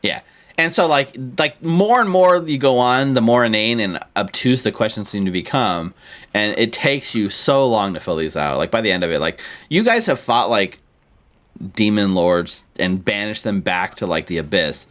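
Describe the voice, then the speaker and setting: A man's voice: fairly low pitch, animated, normal speed, a bit bright. Casual male game master on a call. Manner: casual, laughing, lots of "like" fillers. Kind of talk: narrating a tabletop game over a call.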